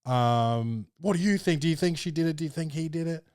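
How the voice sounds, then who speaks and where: A man's voice: a little high, fairly quick, a little mellow, clean tone, no echo, clean studio sound. A young man, a podcast host and comedian, chatting casually in a loose, slangy, jokey way.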